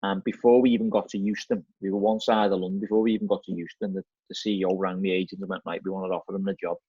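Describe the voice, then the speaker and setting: A man's voice: sits low, level tone, very fast, breathy edge, no echo. A middle-aged man with a Scouse accent, telling stories as a guest in a casual chat, repeating words and often saying "mate". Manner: chatty, repeats words, says "mate" and "you know what I mean". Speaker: football manager guest. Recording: slightly dull, dry lo-fi audio.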